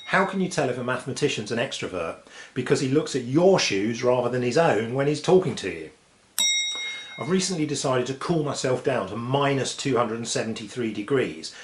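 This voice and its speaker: Animated man telling jokes. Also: medium pitch, a little fast. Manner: animated, deadpan punchlines. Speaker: host. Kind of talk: comic joke telling. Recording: echoey room with faint noise.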